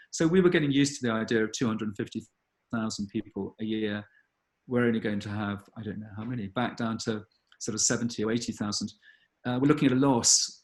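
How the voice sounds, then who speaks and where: A man, a gallery director answering audience questions in an earnest, thoughtful way with many pauses and ums. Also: fairly low pitch. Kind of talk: live online Q&A talk.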